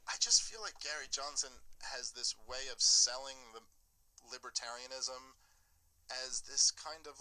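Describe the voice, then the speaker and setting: A man arguing his point in relaxed podcast talk, animated and full of "like" and "you know". His voice is very bright and forward, at an ordinary pitch for a man. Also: unhurried, rough recording. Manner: animated, filler-heavy arguing. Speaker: podcast guest. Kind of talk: casual political chat.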